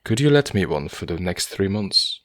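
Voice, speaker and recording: A man's voice: deep voice, sing-song, normal speed, a bit bright, no echo, clean studio sound. Man reading a cheerful young writer. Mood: friendly. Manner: easy good-humoured, earnest. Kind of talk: audiobook character voice.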